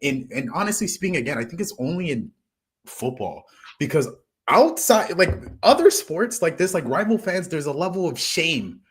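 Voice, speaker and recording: A man's voice: a little high, moderate pace. An American man talking football in a casual podcast chat, rambling and restarting his sentences. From United States. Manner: rambling, restarts phrases, lively swings in loudness.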